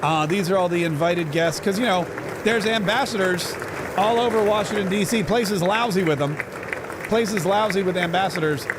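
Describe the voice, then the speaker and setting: A man's voice: sits high, normal speed, crowd noise, background noise. A man hosting a live stream, chatting casually and wryly over a broadcast and thanking viewers for donations. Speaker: podcast host commenting on a live broadcast.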